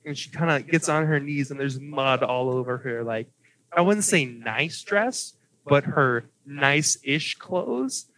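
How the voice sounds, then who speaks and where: A man's voice: mid-range voice, expressive, slow, fairly bright tone, low-quality recording. Hesitant young man running a tabletop game. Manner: nervous, hesitant, many fillers. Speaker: game master.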